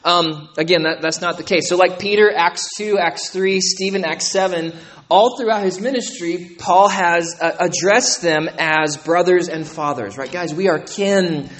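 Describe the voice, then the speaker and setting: A pastor preaches conversationally, checking in with his congregation through frequent "right?" and "okay?" prompts. His voice is high and a bit bright, and he talks at a normal speed.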